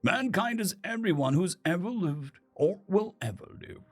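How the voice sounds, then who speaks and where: A man voicing a gentle young father who explains things slowly and patiently to his son. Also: sits high, expressive, soft background music, voice pushed up. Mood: patient, explaining. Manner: slow, explaining tone.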